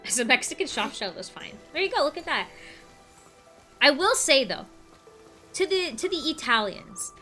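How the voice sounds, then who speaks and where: A woman's voice: high voice, very animated, normal speed, long pauses, sharp tone, faint music behind. A woman streaming a game, chatting casually and playfully, teasing her viewers. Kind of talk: casual chat while gaming on stream. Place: at a home computer desk.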